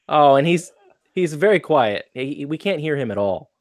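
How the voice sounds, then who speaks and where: A man hosting a comedy podcast, introducing a segment in a halting, mock-formal way. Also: fairly high pitch, no echo, clean studio sound. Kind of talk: casual show introduction.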